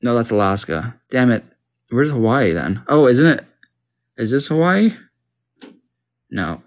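Slow-talking Canadian guy playing a map game. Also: mid-range voice, very animated. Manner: confused, self-talking, joking. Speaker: gamer. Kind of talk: casual gaming commentary.

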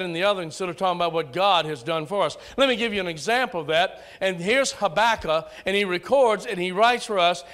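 A man preaching a sermon in a church with a Southern American accent, rousing and calling out to the congregation. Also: sits high. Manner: rousing preacher, rising to shouts on key lines. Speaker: pastor. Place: church sanctuary.

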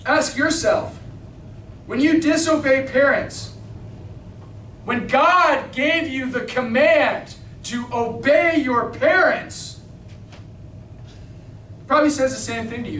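High-voiced guy preaching hard, shouts for emphasis, sounds far off in a roomy hall. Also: slow pace, long pauses. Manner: fervent, emphatic, bursts into shouting. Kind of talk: King James sermon, Bible reading and exhortation. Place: small church hall. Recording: roomy hall, mic at a distance, faint noise.

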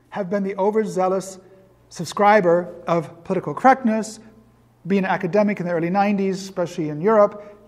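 A man's voice: high-pitched, a little mellow. A man in his fifties from Iowa gives a public lecture as a guest speaker. He tells digressive personal anecdotes and pokes fun at his younger self. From Iowa, USA. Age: 50s. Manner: self-deprecating, digressive storyteller. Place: large hall in a synagogue. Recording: long hall reverb.

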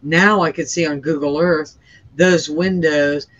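A woman's voice: low-pitched, fairly even intonation, measured pace, fairly bright tone, lo-fi sound. A woman guest giving an earnest, rambling account in conversation, restarting her sentences and using plenty of fillers. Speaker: interview guest sharing a near-death experience.

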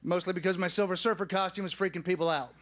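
A man in his late thirties doing a stand-up comedy set, animated and emphatic, with punchy asides. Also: high voice, fast, noisy background. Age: 30s. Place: studio stage before a live audience.

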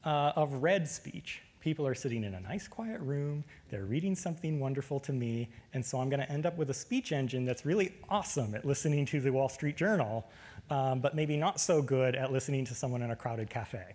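A man giving a technical lecture, relaxed, with frequent fillers. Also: mid-range voice, a little fast.

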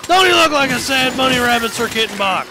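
A man's voice: very high voice, lively intonation, a little fast. A man voicing a belligerent old-timer monster hunter in comedic gameplay commentary, folksy and grumbling. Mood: boastful. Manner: folksy grumbling, cries dadgummit. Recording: game music under voice. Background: video game music.

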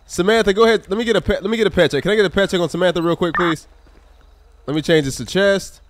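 A man's voice: high-pitched, fast talker. A man livestreaming a police game, joking around and thanking viewers in the chat. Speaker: gaming livestreamer. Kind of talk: live game commentary and chat shout-outs.

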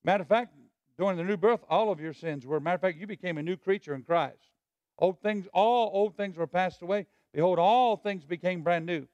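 A high-voiced man preaches to his congregation, calling out lines for them to repeat back. He swings between soft, hushed asides and raised scripture readings. The sound is dry and close, with little room echo. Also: brisk, lo-fi sound. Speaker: pastor. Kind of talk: call-and-response sermon. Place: church sanctuary.

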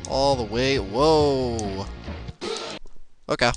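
A young man casually commenting on a platform game, excitable, muttering and swearing at it, recorded on a laptop microphone. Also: fairly high pitch, slow, soft background music. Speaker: let's play gamer.

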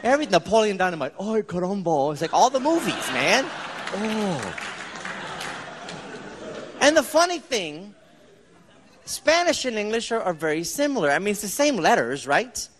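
A middle-aged man from the Bronx doing stand-up comedy, animated and talking straight to the crowd. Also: high-pitched, normal speed, pauses often. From Bronx, New York. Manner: animated, jokey, talks to the crowd. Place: live comedy stage in a large hall. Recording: echoey hall with crowd noise. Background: audience laughter.

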